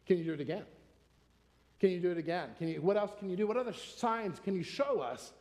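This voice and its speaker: A skeptical, demanding crowd presses for more signs, as a preacher puts them on. The voice is high and rings with a long hall reverb. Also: male voice, animated, fast talker, a little mellow. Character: pushy demanding crowd, male, doubting.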